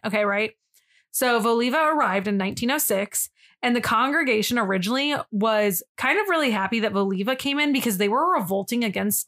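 A woman's voice: medium pitch, a bit bright. A young woman on a podcast, chatting casually as she tells a history story and often says "like". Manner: chatty, lots of "like" fillers. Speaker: podcast co-host.

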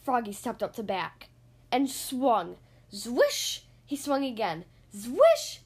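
A woman hosting a podcast, reading a children's picture book aloud in an expressive, sing-song storytelling voice. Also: fairly high pitch, slow, breathy edge.

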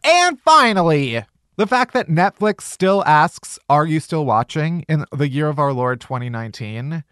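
A man's voice: fairly high pitch, lively intonation, measured pace, fairly bright tone, clean tone, no room sound, clean studio sound. A man hosting a comedy podcast, sarcastic and profane, ranting in exasperation. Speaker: podcast host.

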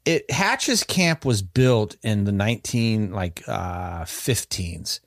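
A man's voice: fairly low pitch, animated, slow pace, no echo, clean studio sound. A man hosting a podcast, telling a story in casual chat. He rambles, restarts often and uses many fillers.

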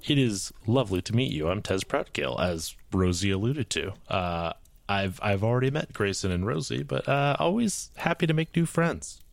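A man's voice: on the low side, animated, moderate pace, vocal fry, dry recording. A man playing a polite, curious young male student, speaking in a friendly, slightly hesitant way. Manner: friendly, hesitant, many fillers.

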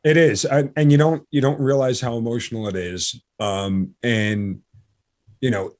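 A man hosting a podcast in a halting, earnest way, full of restarts, and audibly emotional. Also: medium pitch, fairly even intonation, a little mellow. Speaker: podcast host. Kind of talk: casual interview chat.

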